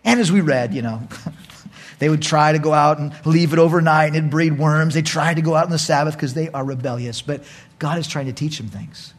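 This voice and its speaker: A male pastor preaching a lively sermon to his congregation, acting out voices and laughing often. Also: fairly high pitch, brisk.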